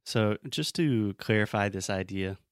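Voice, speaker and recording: A man's voice: lowish voice, unhurried, clear, resonant tone, no room sound, clean studio sound. A man with a Southern US accent, an English teacher explaining in a casual chat, often acting out sample quotes. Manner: explains with acted-out example quotes.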